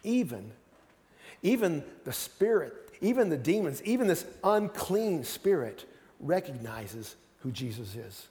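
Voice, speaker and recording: A man's voice: on the high side, very animated, unhurried, warm tone, long reverb tail. A man preaching a sermon as pastor, earnest, often repeating words as he starts a sentence.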